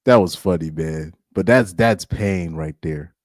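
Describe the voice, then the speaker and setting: A man's voice: sits low, unhurried, no room sound, clean studio sound. A man hosting a casual live stream, reacting to a football game and laughing often as he rambles. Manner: laughs often, loose and rambling with many restarts.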